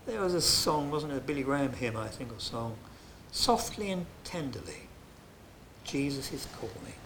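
A man preaching a sermon in an earnest way, dropping to soft, hushed phrases and then rising to loud, emphatic lines. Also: mid-range voice, lively intonation, moderate pace, background noise.

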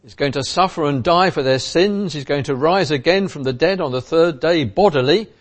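A man's voice: on the high side, normal speed. A man preaching a sermon in an emphatic way, driving points home by repeating key phrases.

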